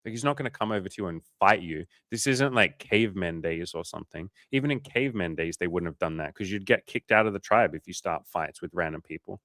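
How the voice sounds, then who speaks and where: Here the young man coaching on a livestream speaks in a deep, slightly bright voice, moving quickly with few pauses. He reads viewer comments in a casual chat, joking and swearing as he reassures people, and the studio audio is clean and echo-free.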